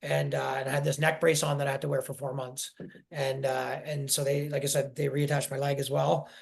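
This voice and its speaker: A man in his forties telling his personal story in an interview, halting and emotional, often restarting his sentences. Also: medium pitch, flat delivery, gravelly. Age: 40s. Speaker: guest.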